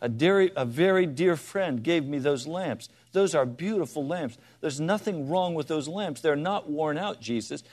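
A man preaching a sermon, asking his listeners direct questions and moving between soft, quiet asides and loud, emphatic appeals. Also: fairly high pitch, animated, a little slow, hardly any pauses.

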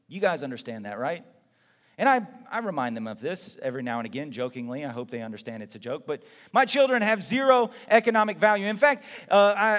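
A high-pitched male pastor preaches to his congregation, swinging from loud questions to quiet, confiding asides. His voice rings with a long reverb off the walls of a big church hall. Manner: conversational preaching with rhetorical questions and acted-out quotes. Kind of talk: sermon.

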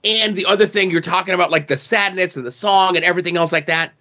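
A man with a high, bright and sharp voice co-hosts a casual podcast and keeps cutting in with eager opinions. His remarks are chatty and filled with fillers. The sound is muffled and lo-fi. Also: fast talker. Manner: jumps in with eager commentary and opinions. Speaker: podcast co-host. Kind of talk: casual podcast chat commenting on a show.

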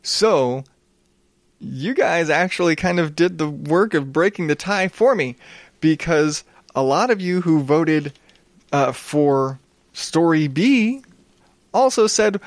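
A man's voice: on the high side, lively intonation, a little slow, no room sound. A man hosting a show, ranting about odd news in a sarcastic, swearing way, sniffling now and then. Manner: sarcastic, swears a lot, frequent restarts. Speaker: show host. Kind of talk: profane comedic news rant.

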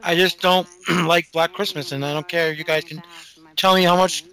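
A man's voice: a little high, steady tone, normal speed, bright, forceful tone. A man in a casual movie podcast, bluntly dismissive and repeating his opinion emphatically. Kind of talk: casual movie commentary chat.

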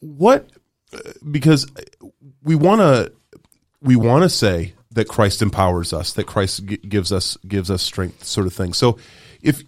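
A man with a fairly low voice hosts a casual podcast talk. He asks his questions in a meandering way, with many pauses and fillers. The recording is close and dry. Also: lively intonation, no echo. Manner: rambling, hesitant questions full of fillers. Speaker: podcast host.

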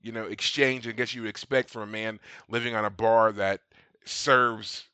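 A man co-hosting a podcast, recapping scenes in casual chat and slipping in quick quoted lines. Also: fairly low pitch, steady tone, sharp tone, clean tone, no room sound. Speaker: podcast co-host.

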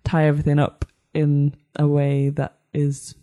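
A woman's voice: sits low, monotone, a little slow, dark tone. Giggly Northern English woman. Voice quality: giggly, rambling with fillers. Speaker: podcast co-host. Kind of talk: casual review chat.

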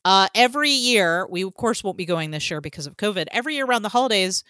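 A woman's voice: mid-range voice, expressive, quick pace, sharp tone, dry recording. A woman from Georgia co-hosting a podcast, chatting casually with many fillers and some swearing. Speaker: podcast co-host. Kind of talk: casual chat.

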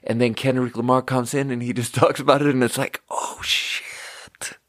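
A man's voice: medium pitch, flat delivery, fast, dry recording, studio quality. Cursing, rambling man. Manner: profane, digressive, restarts often. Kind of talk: casual rambling monologue.

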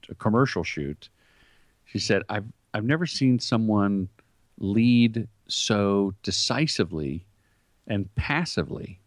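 Man, middle-aged, low voice, dry close sound, animated storyteller, interview guest. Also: dry recording. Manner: animated anecdotes, acts out quoted lines. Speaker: guest, commercial director and comedian.

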